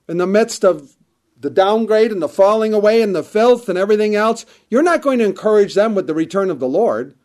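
A man's voice: high voice, a little mellow. A man preaching a sermon with an emphatic, repetitive cadence, quoting scripture at length.

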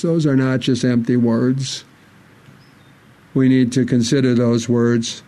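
A man's voice: mid-range voice, little pitch movement, slow, pauses often, dark tone. A man preaching a sermon, reading scripture aloud and pressing earnest, repeated rhetorical questions. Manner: reads scripture aloud in King James wording.

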